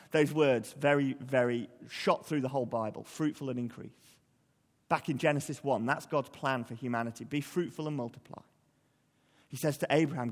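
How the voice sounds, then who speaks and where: A man's voice: medium pitch, long reverb tail. A man preaching a sermon in a conversational, earnest way, often putting questions to the congregation.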